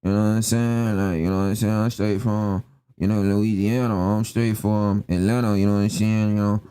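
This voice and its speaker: A man's voice: on the low side, level tone, normal speed, warm tone, clean tone, voice pushed down, lightly acted. Man doing a mock drawling slang guy. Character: African man imitating American street slang.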